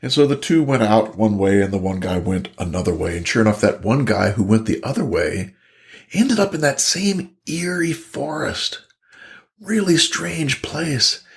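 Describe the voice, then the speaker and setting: Middle-aged guy telling a fairy tale, gravelly low voice, swings all over in pitch. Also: a little slow. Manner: animated, jumps high for quoted voices. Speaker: storyteller.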